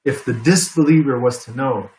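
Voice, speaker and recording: A man's voice: mid-range voice, normal speed, darkish tone. A man giving an earnest religious lecture as a preacher, repeating key phrases for emphasis. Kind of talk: Islamic lecture. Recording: echoey room.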